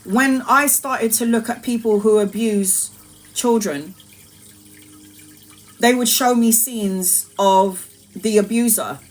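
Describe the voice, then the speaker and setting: Emphatic woman tarot reader on a live stream. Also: fairly high pitch. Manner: emphatic and repetitive, addresses viewers as "my love", swears freely. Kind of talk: live-streamed spiritual talk.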